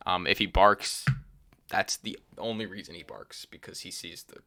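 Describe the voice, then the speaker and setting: A man's voice: deep voice, moderate pace, gravelly. A young man hosting a casual sports podcast, talking loosely with lots of ums and restarts. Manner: relaxed, many fillers and restarts. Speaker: podcast host.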